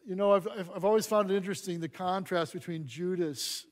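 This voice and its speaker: A pastor with a high, brisk voice preaches a sermon, dramatically acting out the voices of the scripture scenes as he reads them.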